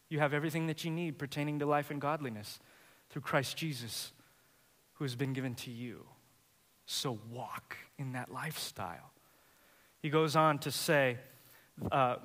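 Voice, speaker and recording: High, bright-voiced preacher man in a hall. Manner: emphatic, rising in intensity. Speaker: pastor. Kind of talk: sermon.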